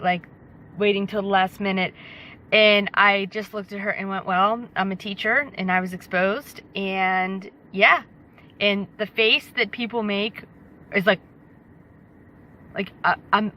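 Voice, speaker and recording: Casting: bright-voiced woman, 30s, rambling casual vlogger talking into a handheld phone. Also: medium pitch. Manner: chatty, rambling with many "like"s. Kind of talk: casual vlog chat. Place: out and about, in stores and car.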